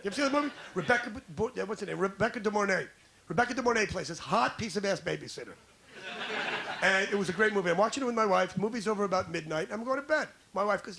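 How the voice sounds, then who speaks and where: A man's voice: high voice, expressive, fast, gravelly, pushed and bright. A man in his forties from New York doing a brash, ranting stand-up set in a comedy club, baiting the crowd. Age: 40s. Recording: live club recording with audience noise.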